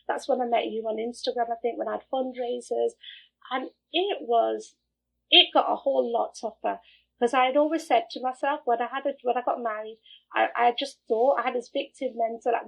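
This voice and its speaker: A middle-aged woman telling her own story as an interview guest, candid and animated, acting out the things people said to her. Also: fairly high pitch, creaky, husky, low-quality recording. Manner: candid, animated, acts out quoted remarks.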